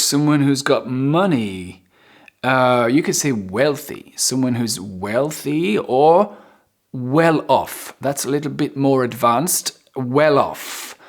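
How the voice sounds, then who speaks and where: Slow-paced man teaching English words. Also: mid-range voice. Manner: slow, repeats each word for learners. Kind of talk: vocabulary lesson.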